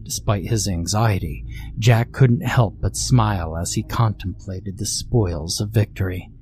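Slow, deep-voiced male horror narrator. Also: darkish tone.

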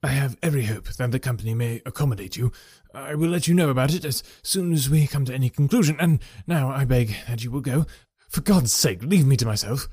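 A man voicing a nervous middle-aged male employer in an audiobook, with hurried, strained politeness. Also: medium pitch, dark tone, husky, no room sound, studio quality, lightly acted. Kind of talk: audiobook character voice.

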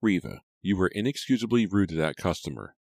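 A man's voice: deep voice, very animated, a little fast, gravelly, a little mellow, dry recording, voice pushed up, exaggerated voice. A man reading an audiobook, voicing a stern female store supervisor who speaks in clipped, disapproving lines.

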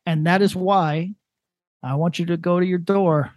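Rambling deadpan man, dry close mic. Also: high-pitched, measured pace, dry recording. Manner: rambling, deadpan, building to a prank. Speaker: podcast co-host. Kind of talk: casual comedic chat.

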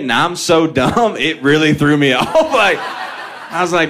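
A man's voice: fairly high pitch, lively intonation, unhurried, background noise. A man doing a stand-up comedy set, telling profane, self-deprecating stories and chuckling at his own lines.

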